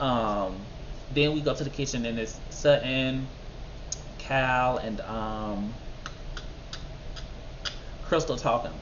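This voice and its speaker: A man giving casual, animated commentary on a reality show, talking back at the people on screen. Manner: animated, talks back at people on screen, mimics others in high voices. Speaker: reality TV reviewer. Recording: slightly dull lo-fi sound with faint background noise.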